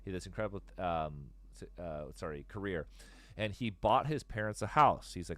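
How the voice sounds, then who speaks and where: Talking briskly with no echo, this forties-aged live streamer has a deep voice with a fairly bright tone. He's taking callers in casual conversation, rambling, swearing freely, and starting sentences over.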